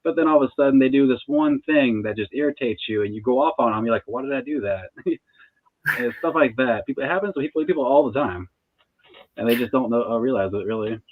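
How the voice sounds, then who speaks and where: The speaker is a thirtysomething tarot reader chatting casually in an interview, easygoing and breaking into laughter between thoughts. He talks quickly in a mid-range voice, with no echo on a tinny, phone-like connection.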